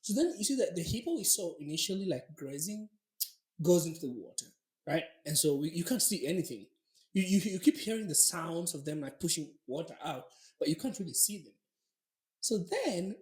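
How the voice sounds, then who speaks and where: A man hosting a podcast, telling a story in a casual, animated way, with lots of filler words and laughter. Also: a little high. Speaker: podcast host. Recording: roomy echo.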